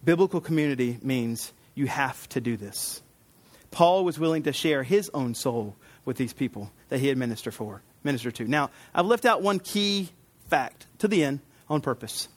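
A man preaching a sermon in a relaxed, conversational way, telling stories from home with quick asides. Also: mid-range voice. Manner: chatty, storytelling, with quick asides and laughs. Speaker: pastor.

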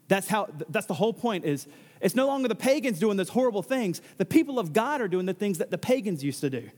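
A man's voice: high-pitched, big pitch swings, fast, a little mellow, in a large hall. A man preaching a sermon that works through a scripture passage, talking conversationally with frequent restarts and joking asides. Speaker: pastor. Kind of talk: expository sermon with scripture reading.

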